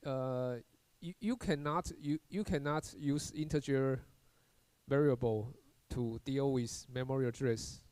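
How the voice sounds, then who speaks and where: A man teaching a recorded university programming lecture, halting as he explains, often repeating words and restarting with "uh" fillers. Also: mid-range voice, darkish tone, no echo.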